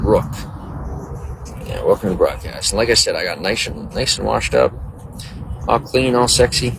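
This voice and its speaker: A man's voice: fairly low pitch, background noise. A man casually chatting on a live stream, greeting viewers by name in a loose, boastful, flirty way.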